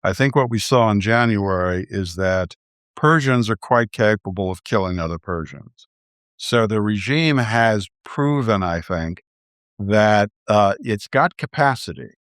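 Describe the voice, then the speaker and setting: A man with a low, deep voice talks through policy questions in a measured way, pausing and restarting his sentences often. He sounds like a guest analyst in a discussion. The sound is close and dry. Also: lively intonation, a bit bright, no room sound. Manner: measured, halting, frequent restarts.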